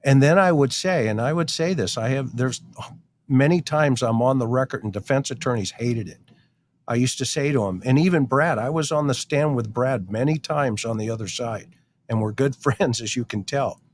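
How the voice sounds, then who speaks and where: A man's voice: medium pitch, moderate pace, darkish tone, a little hiss or hum. A middle-aged man, a former detective, telling blunt, wry stories in casual chat and acting out the quotes. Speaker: retired detective guest.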